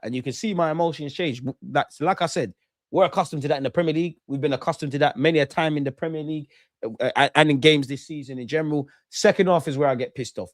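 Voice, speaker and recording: A man's voice: on the high side, no echo. Slangy young man ranting about football. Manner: animated, slangy, rants then calms. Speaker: football watchalong host. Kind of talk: casual post-match reaction.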